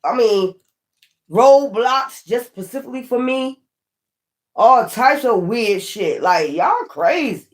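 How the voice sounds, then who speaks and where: Her voice is a little high with lively intonation, and she talks slowly. As a tarot reader doing a casual, profane, no-nonsense reading, she keeps warning the viewer and restating her points.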